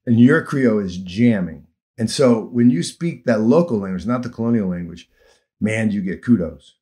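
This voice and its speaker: A man in his fifties telling stories about living abroad in a casual conversation, animated and quick to laugh. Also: lowish voice. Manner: animated, acts out village voices, laughs often. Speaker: former field worker telling stories.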